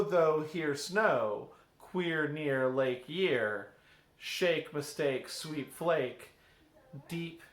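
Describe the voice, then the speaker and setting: Male English teacher, recorded lesson, conversational, slightly high voice, roomy echo. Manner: conversational, often checks in with "right?". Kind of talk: recorded class lesson on a poem.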